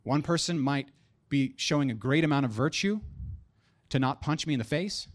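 A man in his thirties preaching a sermon as pastor, animated and joking, building to emphatic punchlines. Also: medium pitch, moderate pace.

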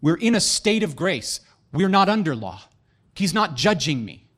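A man's voice: fairly high pitch, sing-song, moderate pace, fairly bright tone. A man preaching a sermon with emphatic delivery and playful joking asides.

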